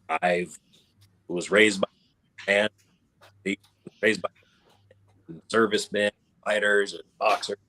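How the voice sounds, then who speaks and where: A man speaking on a casual author panel, halting and restarting as he works out what he wants to say. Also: on the low side, fairly bright tone.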